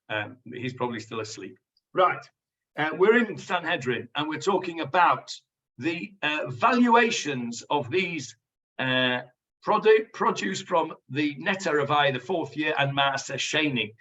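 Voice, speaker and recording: A man's voice: mid-range voice, sharp tone, distant mic. A man teaching a Talmud class over a video call, chatty and explanatory, on dull lo-fi audio from off the mic. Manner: chatty, explains Hebrew words to students. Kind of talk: online Talmud lesson.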